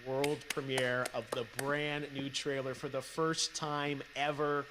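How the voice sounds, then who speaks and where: A man's voice: medium pitch, level tone, measured pace. A man hosting a live in-game event, upbeat and interviewing his guest. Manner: upbeat presenter, hyping and interviewing. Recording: noisy game-stream audio.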